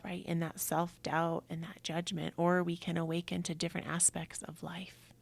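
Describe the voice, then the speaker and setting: A middle-aged woman speaking in an earnest, reflective monologue as a yoga teacher and host, often sinking to a breathy near-whisper. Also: on the low side.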